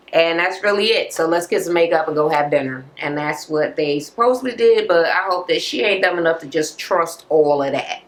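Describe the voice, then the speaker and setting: A woman's voice: sits low, fairly bright tone, rough recording. A woman vlogger recapping a reality TV episode in casual, blunt, profane talk, full of fillers and asides.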